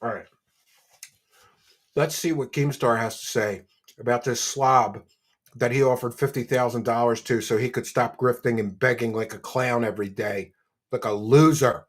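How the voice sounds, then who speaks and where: A man's voice: mid-range voice, steady tone, moderate pace. A man hosting a livestream, mocking and crude, chatting as he eats. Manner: mocking, crude, talks while eating. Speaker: streamer host. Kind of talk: casual livestream commentary.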